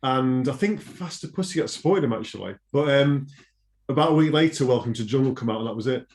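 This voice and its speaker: A man, guest drummer, telling relaxed backstage anecdotes. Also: mid-range voice, fast talker. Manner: laid-back anecdotal storyteller. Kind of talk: casual chat.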